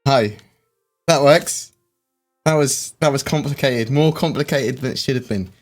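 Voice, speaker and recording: Faint background music accompanies a man of medium pitch who talks at a measured pace. Hosting a relaxed live chat, this livestream host wanders and hesitates, often using fillers and starting over.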